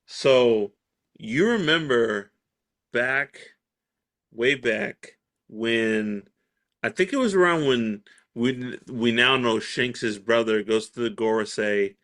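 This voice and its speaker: A man co-hosting a casual podcast chat, asking questions and laying out theories in a lively way, laughing easily. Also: mid-range voice, slow. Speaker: podcast co-host.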